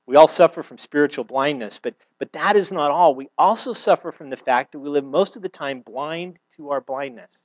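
A man's voice: fairly high pitch, fairly quick, few pauses, no room sound. A middle-aged man preaching a sermon in an earnest, conversational way, with everyday examples and frequent restarts. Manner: repeats words when restarting. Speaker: pastor.

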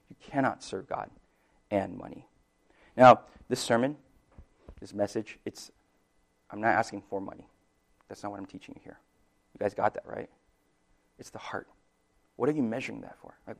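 Conversational pastor, loudness swinging widely. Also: male voice, lowish voice, normal speed, vocal fry, pauses often. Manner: conversational, lots of "right?" asides and laughs; loudness swings widely between soft and emphatic. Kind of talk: sermon.

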